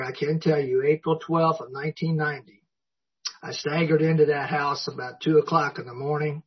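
A man tells his story to a recovery meeting crowd in a husky, slightly raised voice. He is folksy and self-mocking and chuckles often, and the recording sounds dull and lo-fi. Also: a little high. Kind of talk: personal story told to an audience.

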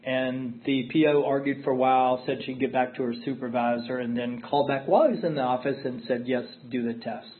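A man's voice: medium pitch, steady tone, a little fast, few pauses. A man giving an earnest personal testimony at a recovery meeting, repeating himself for emphasis. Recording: tinny phone-like audio.

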